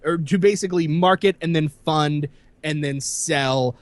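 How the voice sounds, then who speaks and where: A man's voice: fairly high pitch, unhurried, no room sound. A man co-hosting a casual gaming podcast, rambling through the news with lots of fillers. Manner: animated, rambling with many fillers. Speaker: podcast co-host.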